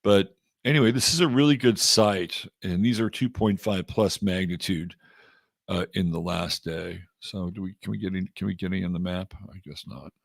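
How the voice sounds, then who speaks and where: Deep-voiced and speaking at a moderate pace with vocal fry, a middle-aged Texan hosts an astrology livestream. He chats casually and greets viewers by name, and the studio-quality audio has no echo.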